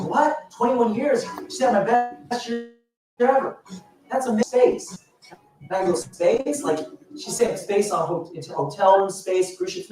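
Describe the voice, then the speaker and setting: Man in his fifties, motivational speaker, animated and restarting often, miked from a distance in a big echoing hall. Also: high-pitched. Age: 50s. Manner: animated storytelling with frequent restarts and laughs. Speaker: motivational speaker at a business event. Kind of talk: motivational speech. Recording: echoey hall, voice from far off.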